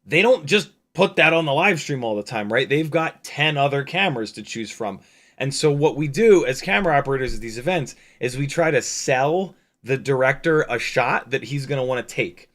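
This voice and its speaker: A young man hosting a livestream, telling a story in a casual, animated way, laughing often and restarting his sentences. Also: on the high side. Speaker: FPV drone pilot and stream host.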